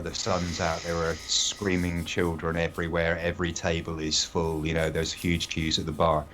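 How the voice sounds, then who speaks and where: A man's voice: low voice, fairly bright tone, a little hiss or hum. A British man chatting casually on a live show, telling anecdotes at length. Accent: British English. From England. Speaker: co-host. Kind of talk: casual chat.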